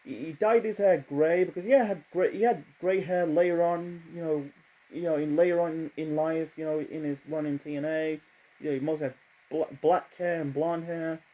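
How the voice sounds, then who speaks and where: A man's voice: on the high side, fairly even intonation, dark tone, low-quality recording. Rambling man reviewing old wrestling shows. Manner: rambling, self-correcting, blunt; talks fast at times. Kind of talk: casual rambling review monologue.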